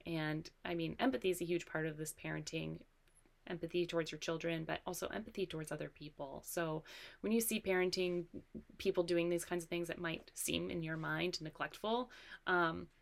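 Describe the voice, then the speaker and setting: A woman's voice: lowish voice, steady tone, normal speed, creaky. A woman in her thirties, a parent, reflecting and telling a story in casual chat. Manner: reflective, trails off into soft asides.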